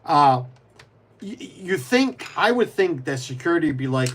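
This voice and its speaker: Over slight background noise, a livestreamer talks at a moderate pace in a high voice with big pitch swings. He's building on a casual stream, rambling with frequent restarts, naming viewers as he answers them, and muttering while he fiddles with pieces.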